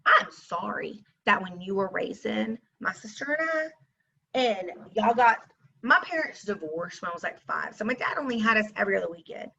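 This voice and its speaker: Speaking at normal speed in a mid-range voice, this woman sounds expressive, pushed and bright, slightly rough, with vocal fry. She's a Texan teacher and mom doing a casual storytime to camera, sassy and exasperated, on a slightly dull lo-fi recording.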